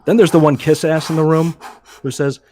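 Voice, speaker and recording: A man's voice: fairly high pitch, fairly even intonation, a little fast, mellow. A man co-hosting a podcast, chatting in a jokey, goofy way. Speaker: podcast co-host. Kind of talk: casual chat.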